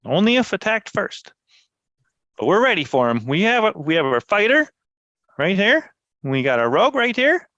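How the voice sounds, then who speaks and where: A man playing his character at a tabletop game, talking in a lively, persuasive way. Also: high-pitched, moderate pace, pauses often, no room sound, muffled recording. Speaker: player.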